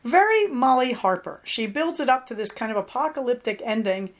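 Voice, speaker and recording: A woman's voice: on the high side, animated, brisk. A middle-aged woman hosting her own podcast, chatting through a personal story and acting out the lines people said. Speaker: podcast host. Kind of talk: casual personal monologue.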